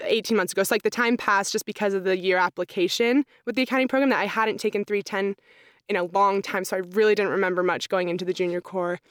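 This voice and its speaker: A young adult accounting student, talkative and heavy on "like," shares her story in a casual interview and acts out her inner thoughts. Her medium-pitched voice sounds clean, in a dry, clean studio recording.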